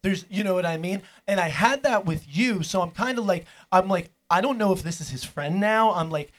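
A man's voice: high voice, expressive, a little fast, fairly bright tone. A young man telling a rambling, profane story in casual chat with a friend.

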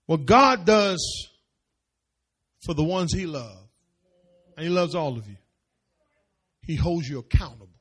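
A male pastor preaching with a high, swooping voice that jumps all over his range. He repeats his phrases and works up to shouting at his congregation during a church service. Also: expressive, unhurried, pauses often, slightly rough. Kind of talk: sermon.

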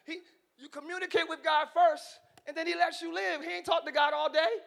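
A male pastor preaching a live church sermon with energetic shouting and call-and-response to the congregation. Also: very high-pitched, a little fast, gravelly.

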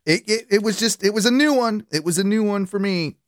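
A man's voice: high voice, a little fast, no room sound, studio quality. A man co-hosting a podcast in casual chat, rambling and filling his talk with "like" and repeats. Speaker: podcast co-host.

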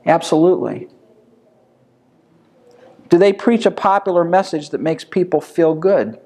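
A man's voice: on the high side, animated, unhurried, a little mellow. A man leading an informal Bible study lesson, speaking conversationally and firing off rhetorical questions that he answers himself.

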